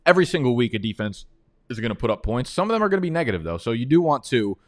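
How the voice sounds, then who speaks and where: A man's voice: medium pitch, very animated, rapid-fire, no room sound, studio quality. A young man giving casual, profane, trash-talking commentary on a live stream. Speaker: fantasy football analyst.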